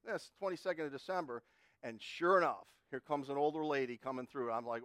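A man's voice: medium pitch, brisk, a bit bright, dry recording, studio quality. A middle-aged man preaching a sermon in a folksy, conversational way, telling a personal story and often restarting his words.

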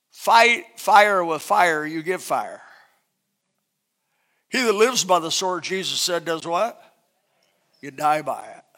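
High, bright-voiced man preaching a sermon. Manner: dynamic preaching that swings from loud bursts to soft, quiet asides. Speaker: pastor.

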